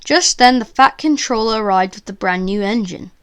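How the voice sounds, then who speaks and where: A woman's voice: mid-range voice, moderate pace, fairly bright tone, clear, resonant tone. A woman narrating a simple toy train story in a plain, storybook style.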